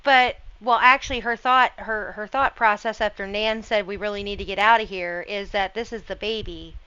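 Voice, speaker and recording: A woman's voice: medium pitch, fairly even intonation, normal speed, sharp tone, smooth, dull audio. A woman playing a tabletop game, hesitant and thinking aloud before she decides her character's actions. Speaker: player.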